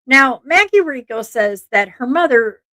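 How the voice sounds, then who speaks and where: A slightly high-voiced woman hosting a true crime livestream, talking in a loose, earnest way. She restarts her sentences often and breaks off to speak to her chat. The sound is dry and close, with little room. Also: lively intonation, unhurried, bright, forceful tone, dry recording. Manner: chatty, earnest, asides to chat, frequent restarts. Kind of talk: casual live-stream narration.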